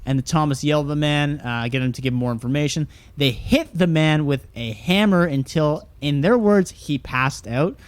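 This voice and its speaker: A man co-hosting a podcast, reading out news stories in a relaxed, halting way. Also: fairly high pitch, dry recording. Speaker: podcast co-host. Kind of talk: casual chat, reading headlines.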